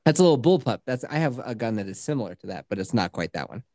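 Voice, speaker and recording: A man's voice: medium pitch, quick pace, no room sound, clean studio sound. A man casually recapping a film with friends, acting out characters and swearing freely. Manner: animated storytelling, acts out characters, swears freely. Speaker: podcast co-host. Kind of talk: casual movie recap chat.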